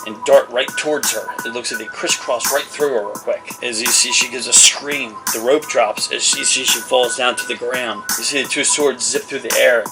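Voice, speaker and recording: A man with a medium-pitched voice acts as game master for a tabletop game, rambling through the action with plenty of fillers. The audio quality is poor, and loud music plays in the background.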